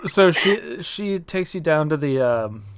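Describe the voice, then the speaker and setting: A man narrating as game master of a tabletop game, hesitant and full of pauses and restarts. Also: a little high, lively intonation, clear, resonant tone, dry recording.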